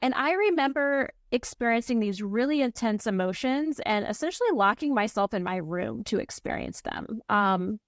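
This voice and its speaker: A woman's voice: fairly high pitch, lively intonation, normal speed, hardly any pauses, no echo, clean studio sound. A woman hosting a podcast, talking about her own experience in an earnest, supportive way. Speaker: podcast host. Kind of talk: conversational podcast talk.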